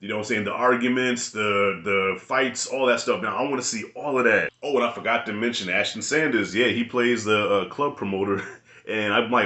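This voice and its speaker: A man's voice: mid-range voice, expressive, fairly quick, a bit bright, roomy sound. A man giving a casual spoken review of a TV episode, loose and rambling, with slangy, profane talk. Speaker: video reviewer.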